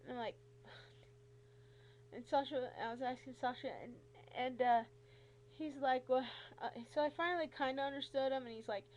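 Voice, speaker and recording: A woman vlogging, retelling a bad experience in an animated, exasperated way with lots of asides. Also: high voice, moderate pace, pauses often, slight background noise, rough recording. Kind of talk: casual storytelling to camera.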